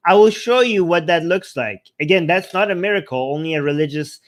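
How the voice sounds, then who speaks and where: A man's voice: fairly high pitch, expressive, fairly quick. A man hosting a debate show, reacting to a clip with angry, indignant commentary and repeating himself. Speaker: host.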